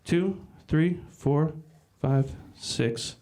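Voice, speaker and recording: A middle-aged man doing a live stand-up set in a small comedy club, talking with bursts of loud emphasis. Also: a little high, very slow, very noisy. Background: audience laughter.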